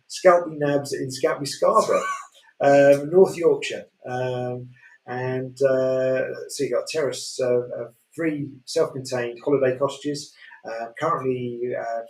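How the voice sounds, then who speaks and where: A man's voice: medium pitch, steady tone, unhurried. Auctioneer guy rambling thru property lots, lots of ums and restarts, echoey room. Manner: chatty, hesitant, many fillers and restarts. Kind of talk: live auction show chat. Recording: roomy echo.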